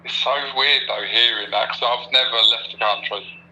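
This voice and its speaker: A man's voice: mid-range voice, steady tone, moderate pace, bright, forceful tone, slight background noise, rough recording. A man, a guest on a talk show, telling a funny story in a chatty, slangy way. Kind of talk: casual anecdotal chat.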